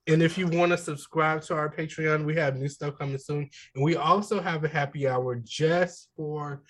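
A man's voice: fairly high pitch, steady tone, normal speed, fairly bright tone, rough recording. A man co-hosting a podcast in casual, joking chat with loose slang. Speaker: podcast co-host.

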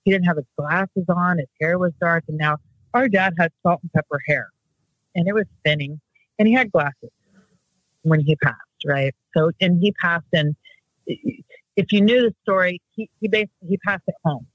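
A woman's voice: lowish voice, moderate pace, no room sound, highs cut off. A middle-aged woman on a podcast, telling a family story in earnest and quoting each person's words. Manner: earnest, quotes others in dialogue. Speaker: podcast host. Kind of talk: casual storytelling.

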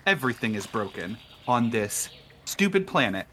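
A man playing a flustered rich guest in a tabletop game, full of complaints and stammering in a tense, raised voice. The voice is bright and a touch faint under light background noise. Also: mid-range voice, very animated, normal speed. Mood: exasperated. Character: fussy rich male guest, indignant complainer.

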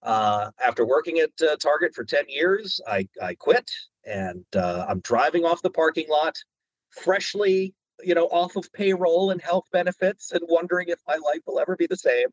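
A man being interviewed as a guest voice actor, telling stories in an animated way and slipping into quoted voices. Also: a little high, moderate pace, no echo, muffled recording. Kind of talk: interview storytelling.

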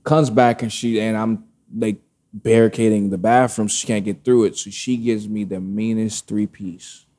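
A man telling a story in casual chat, animated and profane, with loose street slang. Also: on the low side, normal speed.

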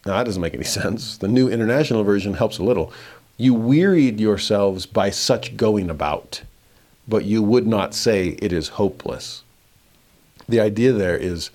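A man with a fairly low voice teaches through scripture verse by verse. He reads each passage slowly and deliberately, then explains it in plain words, building emphasis as he paraphrases. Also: animated, darkish tone.

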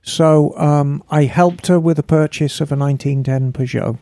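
A man's voice: fairly high pitch, fairly even intonation, moderate pace, creaky, warm tone, dry recording, clean studio sound. A man co-hosting a motorcycle podcast, chatting casually and telling rambling stories. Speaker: podcast co-host. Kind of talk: casual chat.

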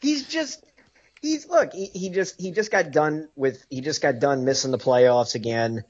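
A man co-hosting a casual sports podcast, joking around in a high voice. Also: lively intonation, a little slow, lo-fi sound. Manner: jokey, speaking in a high voice. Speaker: podcast co-host.

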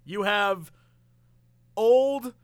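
A man's voice: high voice, drawn-out words, smooth, no room sound. A man in casual chat, animatedly retelling a movie plot and acting out the characters' lines. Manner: animated storyteller, acts out quotes.

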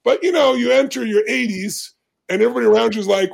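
Gravelly, husky-voiced man in his 60s. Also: fast. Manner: emphatic, dramatic storyteller with big swings of pitch. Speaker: podcast guest. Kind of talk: animated storytelling in conversation.

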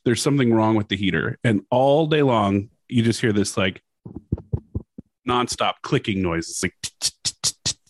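A man's voice: fairly low pitch, moderate pace, a little hiss or hum. A man co-hosting a casual podcast chat, rambling along and laughing often.

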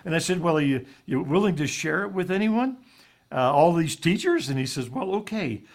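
Earnest folksy guy telling a story on a talk show, kinda high voice. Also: animated, moderate pace. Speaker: guest speaker.

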